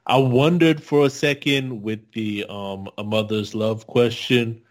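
A man's voice: mid-range voice, fairly even intonation, unhurried. A man co-hosting a podcast, giving a thoughtful, hedging take with frequent fillers. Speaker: podcast co-host. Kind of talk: casual podcast discussion.

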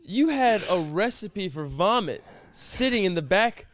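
Young podcast guy teasing his buddy, slightly high voice, dry sound. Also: very animated, a little slow, no echo. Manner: reacts loudly, teasing. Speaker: podcast co-host. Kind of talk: casual chat.

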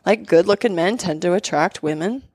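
A woman's voice: lowish voice, normal speed, dry recording. Woman chatting, lots of likes and ums, dry close mic. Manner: animated storytelling with many fillers. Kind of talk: casual conversation.

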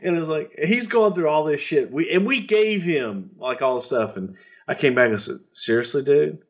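A man's voice: on the high side, sing-song, normal speed, slightly rough, lo-fi sound. A middle-aged man telling wrestling stories in casual podcast chat, profane and rambling, with chuckles. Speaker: podcast storyteller.

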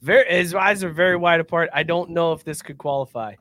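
An upbeat man hosting a casual sports podcast with a bright, fairly high voice, steering the talk and teasing his co-hosts. The sound is close and dry. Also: a little fast, dry recording. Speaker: podcast host.

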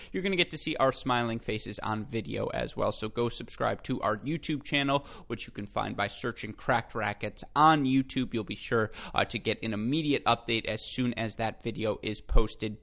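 A man's voice: medium pitch, fairly bright tone. A man hosting a solo tennis podcast, talking eagerly to his listeners and often correcting himself mid-sentence. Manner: enthusiastic, chatty, addresses listeners as folks; frequent self-corrections and filler. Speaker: podcast host.

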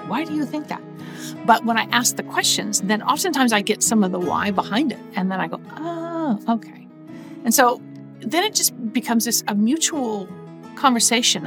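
A middle-aged woman on a panel, explaining her view in a reflective, steady way. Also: medium pitch. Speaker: panel guest. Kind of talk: panel conversation.

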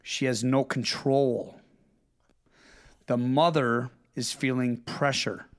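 A middle-aged man talking bluntly in a casual chat, telling stories with swearing and quick impressions of other people. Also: mid-range voice. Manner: blunt, profane storytelling with lively impressions.

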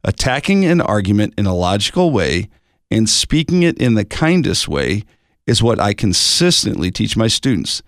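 A man co-hosting a radio show, reading listener emails in a measured, steady way. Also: fairly low pitch, dry recording, studio quality. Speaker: radio co-host.

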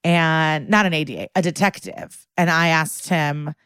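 A woman's voice: sits low, steady tone, a bit bright, smooth, no echo, clean studio sound. A woman podcast co-host, casually retelling a TV episode and quoting the characters' lines. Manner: retells scenes, quoting characters in quick bursts. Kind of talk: casual recap chat.

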